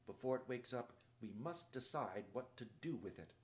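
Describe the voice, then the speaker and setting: A man voicing an old, kind male talking badger with a husky, earthy voice, speaking low and gently. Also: expressive, moderate pace, close to an everyday voice. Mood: gentle.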